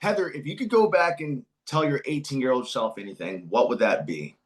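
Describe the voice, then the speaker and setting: An American man hosts a casual podcast interview, talking in a loose, hesitant way. His voice has a middle pitch for a man and comes over a video call. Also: brisk. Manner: relaxed, hesitant, many fillers. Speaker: podcast host.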